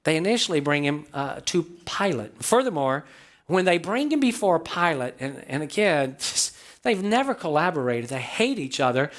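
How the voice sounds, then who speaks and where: A high-pitched man delivers a church sermon in a storytelling way. He reads a passage aloud, then turns to the congregation and keeps asking whether they are following along. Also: sing-song, moderate pace, a bit bright. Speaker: pastor. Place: church sanctuary.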